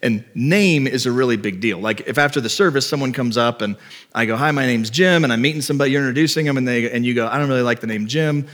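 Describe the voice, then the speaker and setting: A man's voice: medium pitch, quick pace, fairly bright tone. A man, a pastor, preaching a conversational sermon to his church, explaining and asking his listeners rhetorical questions. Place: church before a congregation.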